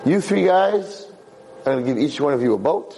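This is a dying old father who speaks calmly and wisely in a lowered, steady voice, as a storyteller puts him on. He is quietly reassuring. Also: moderate pace, slight background noise, low-quality recording. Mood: solemn.

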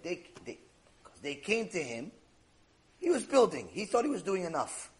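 Male Torah lecturer with a high, very expressive voice and animated storytelling. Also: normal speed. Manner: animated storytelling, acting out dialogue.

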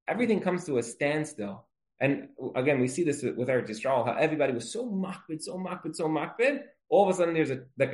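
Earnest man telling a moral story. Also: on the high side. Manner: earnest, animated storytelling with repeated rhetorical questions. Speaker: speaker giving a moral talk. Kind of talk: storytelling religious talk.

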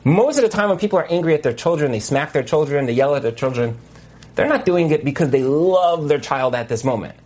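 A man teaching as a marriage coach in a lecture over a video call, telling stories with lively asides and many fillers. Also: on the high side, fairly quick. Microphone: video call mic.

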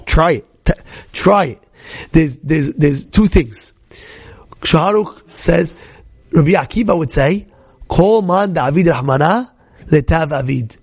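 Middle-aged male rabbi, animated storyteller, bursts into shouts; high, gravelly, dry-miked. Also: a little slow, long pauses, no room sound. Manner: storytelling with shouted outbursts and repeated restarts. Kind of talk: animated Torah talk.

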